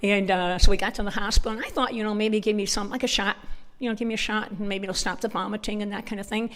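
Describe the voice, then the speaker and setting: A woman's voice: medium pitch, steady tone, fast, fairly bright tone. A woman with a northern US accent speaking at a church conference. She tells personal stories in a chatty, informal way and often breaks into laughter. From northern United States. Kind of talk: personal storytelling talk.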